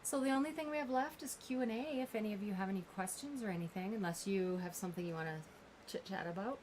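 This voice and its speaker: A woman's voice: medium pitch, fast talker, a little mellow, slight background noise. A woman co-hosting a live stream in chatty, casual talk, reading out names and plans.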